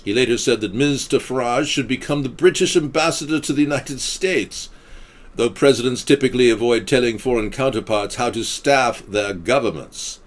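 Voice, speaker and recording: A man's voice: medium pitch, normal speed. A man hosting a casual political chat show, rambling and sarcastic. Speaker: host.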